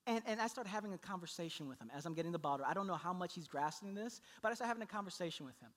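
A man's voice: high-pitched, lively intonation, racing, fairly bright tone. A young adult man, a pastor, preaching a sermon and telling a story about his baby son with playful voices and laughter.

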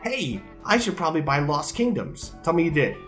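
A man's voice: fairly high pitch, sing-song, normal speed, a bit bright, faint music behind. Jokey man chatting on a podcast. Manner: jokey, rambling, playful. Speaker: podcast co-host. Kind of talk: casual podcast chat about retro games. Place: home room with open window.

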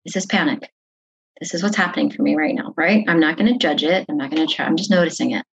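Lively woman explaining on a podcast. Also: low-pitched, fast talker, vocal fry, slightly rough, dull audio. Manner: animated, acts out inner self-talk, laughs often. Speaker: podcast guest. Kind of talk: conversational teaching.

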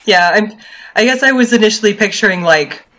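A woman's voice: medium pitch, fairly quick, a bit bright. A woman, co-hosting a podcast, giving dry short replies and reading the show's outro plugs. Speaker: podcast co-host. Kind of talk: casual chat and show sign-off.

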